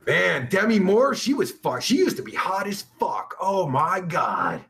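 Gravelly, high, lively man, crude and profane. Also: a little slow. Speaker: live-stream host reading viewer questions. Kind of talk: casual chat.

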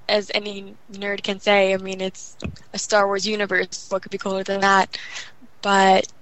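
A young woman chatting casually about games, talking quickly and rambling with lots of fillers. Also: medium pitch, a bit bright, rough recording. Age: young adult. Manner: rapid, rambling, full of fillers. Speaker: guest gamer. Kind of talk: casual chat.

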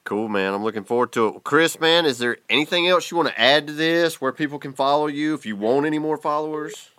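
A man's voice: on the high side, a little fast, bright, forceful tone, smooth. A man hosting a casual podcast interview, asking friendly, easygoing questions. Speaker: podcast host.

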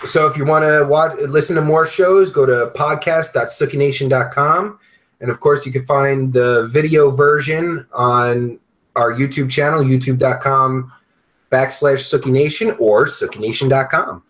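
Male podcast host, blunt profane ranter, mid-pitched everyday voice. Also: moderate pace, a bit bright, poor audio. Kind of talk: casual podcast chat.

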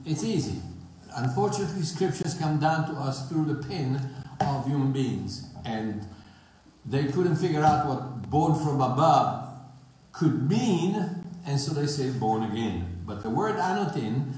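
A man's voice: medium pitch, lively intonation, unhurried, darkish tone. A man from South Africa with a South African accent, preaching a sermon in an emphatic way, breaking into short laughs and restarting his phrases. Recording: very echoey room.

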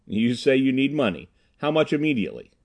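A man voicing a brisk commanding inventor. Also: mid-range voice, big pitch swings, darkish tone.

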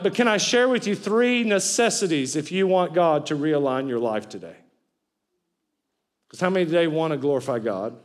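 High-pitched preaching man. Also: animated, moderate pace. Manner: preaching, calls on the congregation to repeat words; swings between loud cries and low, quiet lines. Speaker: pastor. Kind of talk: sermon. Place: church sanctuary with an audience, also streamed.

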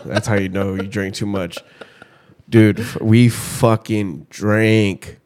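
A young man with a low voice chatting casually with a friend. He rambles, swears freely and fills pauses with "uh". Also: steady tone, a little mellow. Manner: profane, rambling, frequent fillers. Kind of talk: casual chat.

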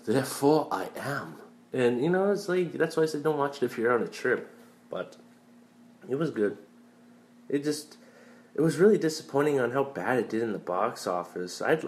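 A young man talks about movies in a loose, rambling way, full of tangents and casual swearing. His voice sits a little low. It sounds like an unscripted video review, with no polish to the delivery. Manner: rambling, profane, wanders off on tangents.

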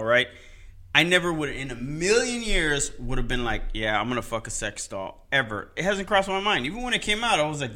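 A man hosting a podcast in casual chat, talking loud, rambling and swearing constantly. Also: on the high side. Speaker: podcast host.

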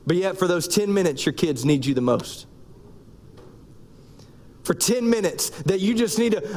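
Man, thirties, pastor, high voice, joking conversational sermon. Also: animated, darkish tone. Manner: joking, conversational preaching with pauses.

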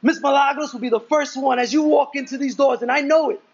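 A man's voice: very high voice, steady tone, fast, lo-fi sound. A young adult man preaching a sermon in a casual, conversational way, telling stories with asides. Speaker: pastor.

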